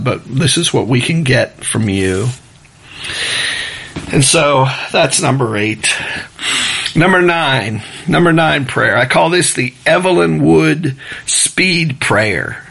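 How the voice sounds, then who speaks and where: A man preaching a sermon in a relaxed, conversational way, chuckling as he mimics rushed and loud prayers. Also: mid-range voice, creaky, husky. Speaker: pastor.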